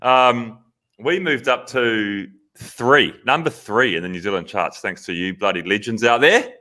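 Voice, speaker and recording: A man's voice: medium pitch, unhurried, pushed and bright. A man co-hosting a podcast, upbeat and enthusiastic in casual chat. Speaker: podcast co-host.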